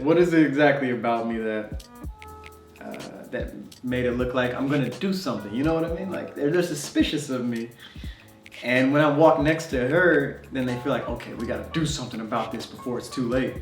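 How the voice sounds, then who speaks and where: Faint music and a roomy, distant-mic sound frame this young man's travel story, told loosely to camera with laughs and fillers. He's a travel vlogger in young adulthood, with a mid-range voice at a moderate pace.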